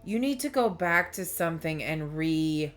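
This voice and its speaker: A woman's voice: low-pitched, expressive, normal speed, faint music behind. Rambling, emotional woman tarot reader. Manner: rambling, emotional, with frequent restarts. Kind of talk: candid personal storytelling to viewers.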